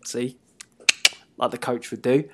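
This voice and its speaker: A man's voice: mid-range voice, level tone, slow. A man hosting a wrestling talk show in casual chat, playful and teasing, often laughing and trailing off mid-sentence.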